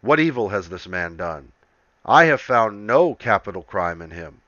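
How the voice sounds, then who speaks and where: A man reading the lines of an uneasy, insistent male Roman governor in a measured, questioning way. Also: fairly low pitch, animated, pushed and bright, dry recording, dull audio.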